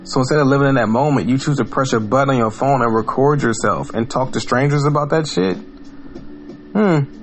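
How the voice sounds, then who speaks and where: Male podcast host, mid-pitched, blunt and profane, rambling solo talk. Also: normal speed, a little hiss or hum. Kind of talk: casual monologue.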